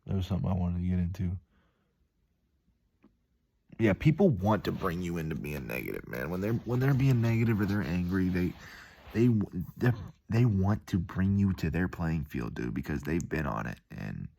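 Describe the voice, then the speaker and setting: Laid-back deep-voiced man rambling casually. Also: big pitch swings, normal speed, creaky, mellow. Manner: laid-back, calls the listener dude and man, mimics angry voices in stories.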